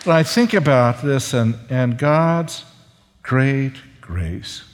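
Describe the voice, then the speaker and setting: A man, a seminary professor, giving a sermon testimony in a slow, halting way with fillers and restarts. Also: mid-range voice, animated. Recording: long hall reverb.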